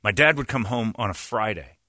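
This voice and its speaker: A man's voice: lowish voice, a little fast, dry recording, clean studio sound. A man hosting a casual chat, telling road-trip stories with lots of laughter and acted-out voices. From West Virginia. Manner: animated storyteller, laughs often, acts out voices. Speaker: podcast host.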